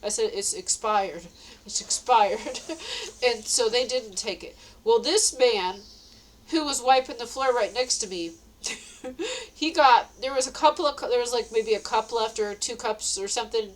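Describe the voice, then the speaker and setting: A woman's voice: on the high side, animated, normal speed, low-quality recording. A tired woman telling a story in a casual monologue, laughing often and repeating herself.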